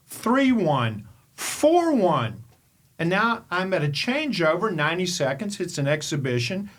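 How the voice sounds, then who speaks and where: Older man, from Kentucky, podcast coach, animated storyteller, somewhat high-pitched. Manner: animated, emphatic storyteller with rhetorical questions. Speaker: podcast host and mental performance coach. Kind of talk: storytelling monologue.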